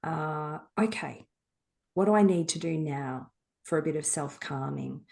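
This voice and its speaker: A woman guesting on a podcast speaks in a lowish voice. She talks candidly and reflectively, with an earthy turn of phrase. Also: unhurried, creaky, a little mellow. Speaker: guest author. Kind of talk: casual interview talk.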